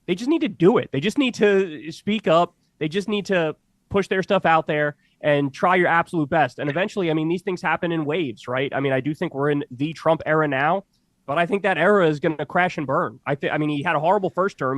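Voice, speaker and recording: A man's voice: a little high, brisk, no echo. A man giving urgent, emphatic opinion commentary in a played clip, repeating phrases to drive his point home.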